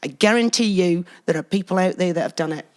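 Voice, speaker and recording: Lively woman telling stories. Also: on the low side, fast. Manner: lively, animated storyteller with frequent laughs. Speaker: guest. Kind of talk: casual interview storytelling.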